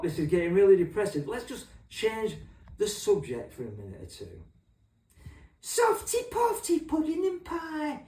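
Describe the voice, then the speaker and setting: A man's voice: sits high, darkish tone, far from the mic. A middle-aged man ranting in a rambling, crude and sweary way as host of a comic monologue. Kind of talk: profane comic rant. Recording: echoey room, off-mic.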